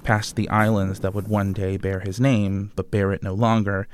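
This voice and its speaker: A man narrates history from a script, slipping in wry, dry humor. His voice sits on the low side. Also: level tone, moderate pace, slight background noise. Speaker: podcast host.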